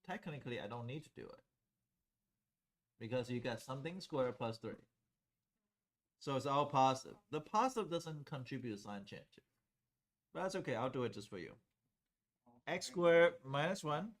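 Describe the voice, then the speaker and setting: A man's voice: medium pitch, expressive, moderate pace, long pauses. A man teaching a calculus class, explaining steps conversationally and often checking with students whether they follow. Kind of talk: classroom lecture at a whiteboard.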